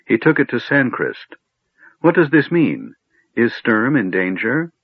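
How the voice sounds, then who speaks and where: A man's voice: medium pitch, animated, normal speed, dry recording, voice pushed up, natural voice. A man voicing a fearful, confused young elf woman who speaks anxiously, stammering at times. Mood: worried. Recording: narrow phone-like sound.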